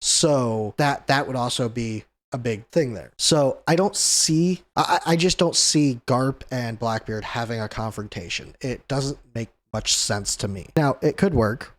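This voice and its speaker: A man's voice: mid-range voice, a little slow, few pauses. Rambling, chuckling man reviewing a comic. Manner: rambling, chuckles often, acts out the characters. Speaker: host of a manga review channel. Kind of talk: casual chapter review chat.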